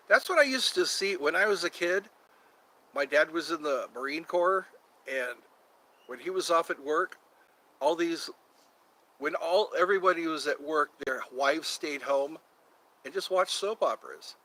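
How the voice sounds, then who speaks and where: A man's voice: fairly high pitch, a little slow, sharp tone, rough recording. A man hosting a casual livestream outdoors, rambling and drifting into singing and silly voices. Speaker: livestream host. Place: outdoors then walking into house.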